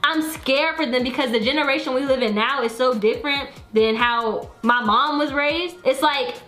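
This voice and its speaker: A woman's voice: high-pitched, moderate pace, a bit bright. A young woman and mother talking earnestly on a casual vlog, defending herself and holding back tears. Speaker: YouTuber, mother of three. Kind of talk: emotional casual vlog talk. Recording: echoey room with faint music.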